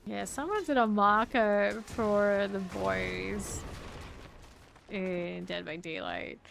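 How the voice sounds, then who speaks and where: Slow, gravelly-voiced woman streamer. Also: medium pitch, a little hiss or hum. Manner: chatty, reacts to chat with quick asides and laughs. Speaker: game streamer. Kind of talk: casual chat while playing.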